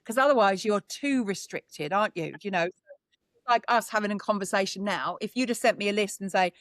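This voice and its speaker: Again the British psychic medium guest talks in a conversational interview, earnest and emotional, with many restarts. Her voice is mid-range, brisk and a little bright, and the recording is dry.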